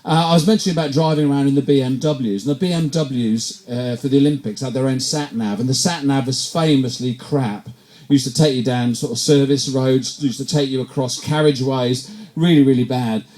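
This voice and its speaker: A man from England works through a stand-up set at a pub comedy night, his voice mellow and soft-edged. He rambles in a self-deprecating way and keeps stumbling over and repeating his words before landing the line. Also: medium pitch, a little fast.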